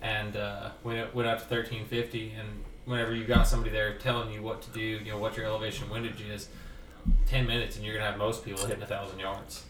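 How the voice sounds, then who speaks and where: A man co-hosting a podcast in casual chat, matter-of-fact and quick. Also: on the low side, level tone. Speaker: podcast co-host. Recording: roomy, distant mic with faint hiss.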